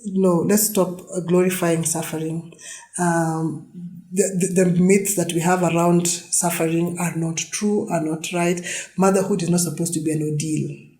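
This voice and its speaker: A woman's voice: on the low side, little pitch movement, measured pace, warm tone. A woman hosting a monologue-style podcast, talking earnestly and emphatically with many "you know" fillers. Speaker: podcast host. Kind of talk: reflective monologue.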